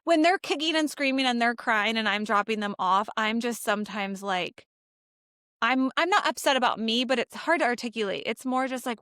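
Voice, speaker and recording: A woman in her thirties, a podcast co-host, telling animated stories about school drop-offs, her pitch rising when she gets emphatic. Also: moderate pace, no room sound, clean studio sound. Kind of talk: casual chat.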